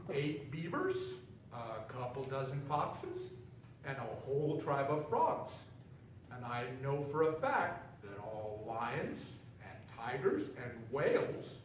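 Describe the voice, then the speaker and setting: Earnest, unhurried big frog, read by a man; lively tone, echoey room. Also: on the high side, a little hiss or hum. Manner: slow, plain, earnest. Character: big calm polite male frog. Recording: roomy echo, distant mic, faint ambience.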